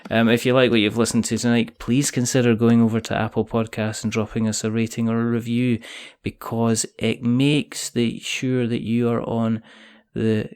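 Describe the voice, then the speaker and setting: A man's voice: mid-range voice, little pitch movement, moderate pace, hardly any pauses, a little mellow, clean tone. A Scottish man hosting a casual podcast chat, jokey, rambling and self-mocking. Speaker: podcast host.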